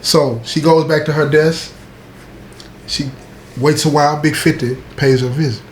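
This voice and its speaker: A man's voice: a little high, fairly even intonation, a little slow. A man telling a true-style story in a casual, emphatic way, talking straight to the listener. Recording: echoey room with faint background noise.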